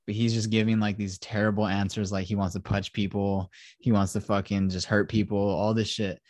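A man's voice: on the low side, little pitch movement, fairly quick, a little mellow, no room sound. A man hosting a casual podcast, animatedly retelling a film scene by scene, acting out the characters and swearing freely. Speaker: podcast host.

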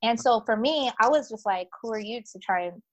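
A woman telling her own story in casual conversation as a guest, chatty and animated, with many fillers, voicing the people in it. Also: on the high side, brisk, dull audio.

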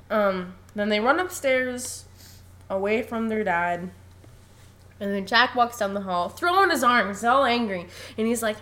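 This young woman, a podcast co-host, has a slightly high voice at normal speed. She recaps a film in casual talk, staying animated, laughing often, and acting out what the characters say.

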